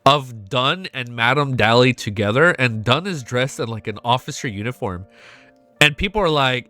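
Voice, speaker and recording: Man, stuffy nose, reading a novel aloud, reacting with curses and outbursts, middle pitch, dry sound. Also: expressive, normal speed, fairly bright tone, no room sound, soft background music. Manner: swears freely, bursts into emotional exclamations. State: congested nose, sick. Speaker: webnovel reaction streamer.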